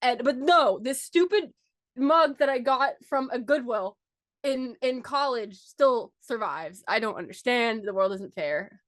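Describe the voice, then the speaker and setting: A young woman guesting on a podcast in casual chat, giggly and enthusiastic, quick to rant. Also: on the high side, lively intonation, dry recording, studio quality.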